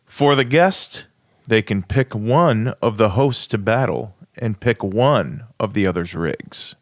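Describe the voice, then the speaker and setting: A man's voice: fairly low pitch, expressive, slow. A man co-hosting a casual podcast, playful, slipping into a mock game-show announcer delivery. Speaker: podcast co-host. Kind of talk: casual chat.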